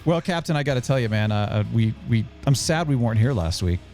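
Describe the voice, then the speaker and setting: A man hosting a casual podcast chat, hoarse from screaming, jokey and self-mocking. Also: mid-range voice, animated, quick pace, a little mellow, faint music behind. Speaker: show host.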